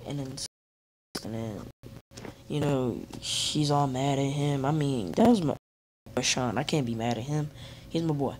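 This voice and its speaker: A man's voice: on the high side, a little slow, background noise. A young man tells a casual, rambling story while playing a game, acting out what people said in raised voices. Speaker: gaming video creator.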